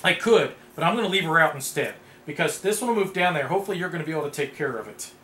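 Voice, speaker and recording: A man casually playing a tabletop card game, reading card text aloud with bursts of excited outcries. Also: a little high, racing. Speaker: board game player. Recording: echoey room with background noise.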